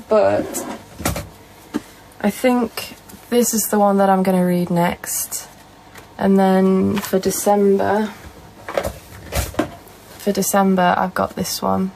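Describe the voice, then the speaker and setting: A woman's voice: mid-range voice, vocal fry, a little mellow, a little hiss or hum, low-quality recording. A young woman with a Northern English accent, casually chatting on a live stream and answering viewer comments. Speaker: livestreamer.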